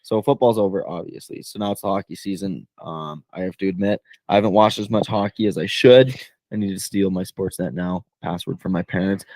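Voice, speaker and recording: A man's voice: low voice, fairly quick, darkish tone, dry recording. A young Canadian man co-hosting a podcast, chatting casually and loosely with lots of fillers. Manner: loose, rambling sports talk with many fillers. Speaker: podcast co-host. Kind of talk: casual chat.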